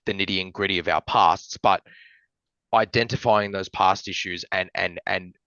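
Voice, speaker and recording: Aussie-raised guy rambling on a podcast, lots of likes and you-knows, lowish voice, kinda muffled. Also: steady tone, moderate pace, pushed and bright, no room sound. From Australia. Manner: rambling, heavy fillers, swears, emotional. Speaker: podcast guest. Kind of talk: casual chat.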